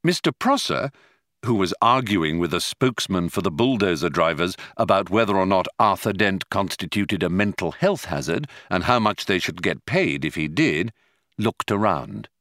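A man narrating an audiobook with measured, dry storytelling. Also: sits low, lively intonation, fairly bright tone, dry recording. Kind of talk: scripted narration.

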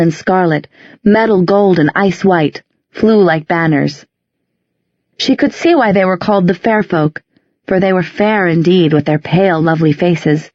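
A woman narrating an audiobook in a measured, descriptive storytelling manner, recorded in a dry, slightly muffled sound. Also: medium pitch, a little mellow, no room sound. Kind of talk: scripted narration.

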